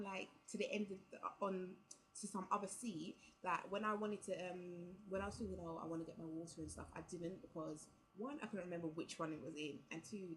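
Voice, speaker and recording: A woman's voice: fairly low pitch, fairly bright tone, rough recording. A young woman, telling a travel story casually to camera and filling it with "like" and quoted dialogue. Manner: chatty, full of "like" and quoted dialogue. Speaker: vlogger.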